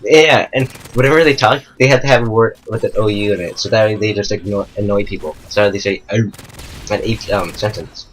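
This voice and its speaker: A man with a low voice talks casually about video games. He rambles and restarts his sentences, leaning on fillers. There is a faint noise under the recording. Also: brisk, hardly any pauses, poor audio. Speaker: co-commentator. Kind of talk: casual gaming chat.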